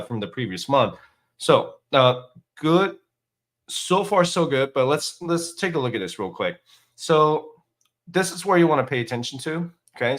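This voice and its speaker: A man with a mid-range, slightly bright voice hosts a casual finance livestream. He chats his way through figures with viewers, using plenty of fillers.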